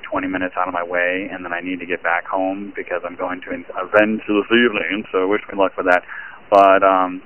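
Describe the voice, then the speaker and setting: A man leaving a rambling, chatty voicemail for a podcast host while driving, his talk full of fillers. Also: sits low. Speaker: caller, sales rep. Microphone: phone. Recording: tinny phone line with faint hiss.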